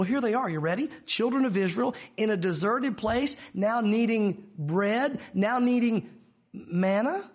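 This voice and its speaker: A man's voice: high-pitched, slightly rough. A male pastor preaching a sermon to his congregation, emphatic and acting out the voices he quotes.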